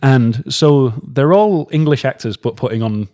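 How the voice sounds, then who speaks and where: A man's voice: medium pitch, animated, measured pace, mellow. Male podcast co-host, dry wit, amused, casual. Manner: dry, amused, laughs often. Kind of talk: casual chat.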